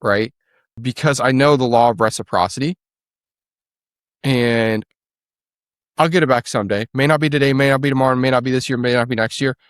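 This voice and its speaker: A man's voice: mid-range voice, brisk, pauses often, clear, resonant tone, dry recording, clean studio sound. A man speaking as a podcast guest, explaining his work in a direct, matter-of-fact way. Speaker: podcast guest, agency founder. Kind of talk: casual interview chat.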